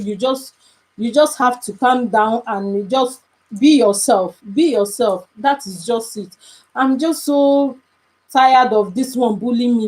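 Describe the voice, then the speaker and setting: A woman's voice: a little high, a little mellow, poor audio. Emphatic Nigerian woman live streaming. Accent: Nigerian English. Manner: emphatic and repetitive, pleading. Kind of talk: casual live stream chat.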